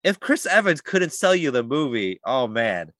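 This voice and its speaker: A man who works as a voice actor, talking in a casual podcast interview, animated and chatty with lots of fillers. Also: mid-range voice, moderate pace, no echo. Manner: animated, lively storytelling with many fillers. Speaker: voice actor guest.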